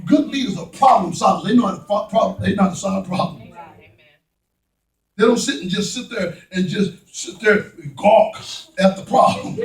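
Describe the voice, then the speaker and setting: A man's voice: high-pitched, normal speed. A man preaching a sermon in a folksy, joking manner, recorded in a church. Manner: folksy preaching, playful asides. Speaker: pastor. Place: church sanctuary. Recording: echoey church, mic at a distance, congregation heard. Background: congregation responding.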